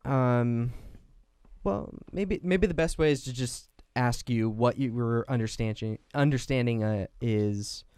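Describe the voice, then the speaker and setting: A man co-hosting an interview podcast, relaxed and asking guiding questions between short affirmations. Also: mid-range voice, unhurried, clear, resonant tone, no echo, studio quality. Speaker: podcast co-host. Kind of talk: casual interview talk.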